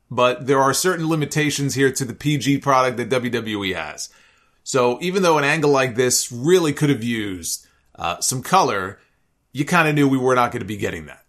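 A man recapping and giving opinions on a wrestling show in a casual, animated storytelling way, sometimes acting out what others said. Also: medium pitch, normal speed. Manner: animated storytelling, acts out quoted lines. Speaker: wrestling commentator.

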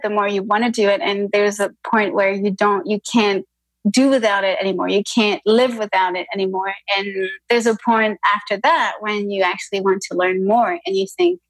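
A woman's voice: medium pitch, steady tone, moderate pace, dry recording, rough recording. Woman with a mixed French-Spanish accent. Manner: thoughtful, hesitant, many restarts. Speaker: podcast guest, yoga teacher. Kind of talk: casual conversational interview.

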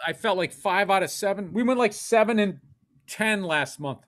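A man's voice: high voice, lively intonation, normal speed, fairly bright tone. A man in casual podcast chat, blunt and profane, with sarcastic jokes. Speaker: podcast co-host.

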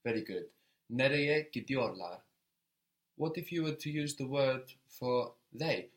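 A man's voice: mid-range voice, lively intonation, measured pace. A man teaching a language lesson, patiently prompting a student and repeating her answers.

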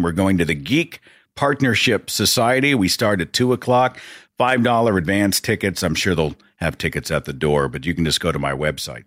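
A man's voice: low-pitched, normal speed, fairly bright tone, dry recording, clean studio sound. A man hosting a podcast alone, talking in a casual, rambling way with chatty asides. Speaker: podcast host. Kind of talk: casual solo monologue.

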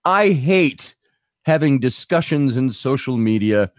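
A man's voice: mid-range voice, lively intonation, unhurried, no room sound. Wry storytelling comedy co-host, man. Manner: wry, storytelling, laughs at own jokes. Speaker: podcast co-host. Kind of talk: casual comedic chat.

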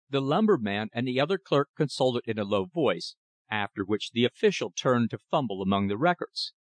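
A male audiobook narrator with a mid-pitched voice that moves through a lively range. The reading is measured and expressive, recorded dry and close with no room sound. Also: no room sound. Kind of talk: scripted narration.

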